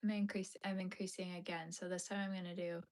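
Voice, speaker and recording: A young woman hosting a casual crochet livestream from her home, chatting with viewers and sometimes dropping into soft murmurs and whispers. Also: lowish voice, flat delivery, fairly quick. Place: home crafting room.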